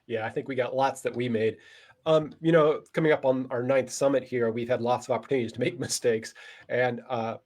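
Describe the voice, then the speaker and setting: A man being interviewed as a guest, relaxed and candid, talking with lots of fillers. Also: mid-range voice, a little fast. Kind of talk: casual podcast interview.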